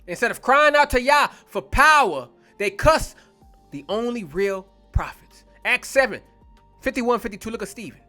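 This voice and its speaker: A man preaching a fiery online sermon, blunt, confrontational and profane, slowing down to stretch key words for emphasis. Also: extremely high pitch, animated, bright, forceful tone, faint music behind.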